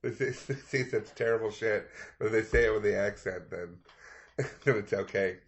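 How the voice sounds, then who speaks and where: A man's voice: on the low side, normal speed. A man co-hosting a comedy news podcast, chatting casually, laughing often and acting out quotes. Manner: laughs often, animated mock quoting. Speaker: podcast co-host.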